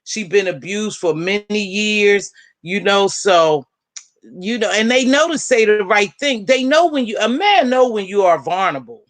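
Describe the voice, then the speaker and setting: A woman hosting a casual live-stream panel, chatting and gossiping in an animated way and calling out friends by name. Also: medium pitch, a little slow, dry recording. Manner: animated, talks straight to viewers and friends by name. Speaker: panel host.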